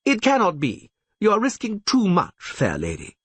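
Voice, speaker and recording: A man's voice: high-pitched, huge pitch swings, normal speed, a bit bright, husky, no echo, pitched above the performer's own voice, heavily acted. A man reading an audiobook and voicing a gallant, pompous young squire who speaks in a formal, chivalrous way.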